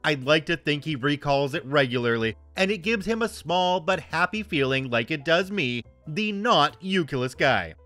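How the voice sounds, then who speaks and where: A man's voice: on the high side, animated, moderate pace, few pauses, sharp tone, dry recording, faint music behind. A man in his thirties reading online stories aloud and commenting with wry, joking asides. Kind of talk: casual story narration and commentary.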